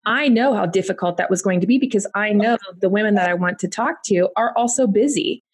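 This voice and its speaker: A woman's voice: medium pitch, brisk, breathy edge. Casting: woman podcast host, encouraging, easygoing, on a video call. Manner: warm encouraging, thanks the guest. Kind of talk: casual interview.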